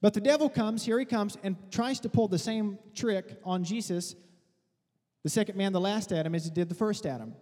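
A man pastor preaching a sermon in an animated, conversational way, with teasing asides to his congregation. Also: high-pitched, moderate pace, long reverb tail.

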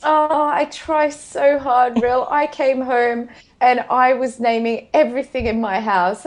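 A woman with an Australian accent co-hosts a podcast from her home in Scotland, telling stories in casual, bawdy, animated chat and giggling often. Her voice is high-pitched and her pace measured.

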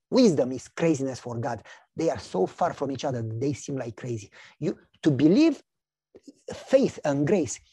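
Animated woman preaching a parable. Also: breathy edge, dry recording. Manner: animated storytelling, voices characters with big pitch swings. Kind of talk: sermon with acted-out parable.

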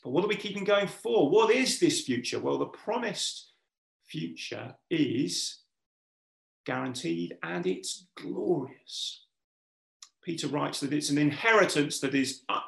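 A man's voice: fairly high pitch, creaky, fairly bright tone. A man preaching a sermon, earnest and putting questions straight to his listeners. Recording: echoey room.

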